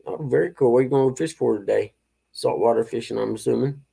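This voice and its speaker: A man in his fifties runs a relaxed morning live stream, chuckling often and reading the chat aloud as he talks with viewers. His mid-range voice is quick, creaky, dark and slightly rough.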